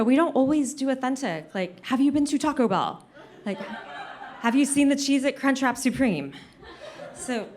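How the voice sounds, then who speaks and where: A woman comedian telling a funny personal story on stage, with an animated, self-deprecating delivery. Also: medium pitch, a little hiss or hum.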